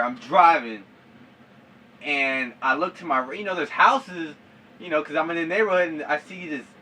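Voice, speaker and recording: A young man telling a personal story in a casual, animated way, full of slang, repeated "dude" and shouted sound effects. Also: fairly high pitch, slight background noise. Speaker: vlogger.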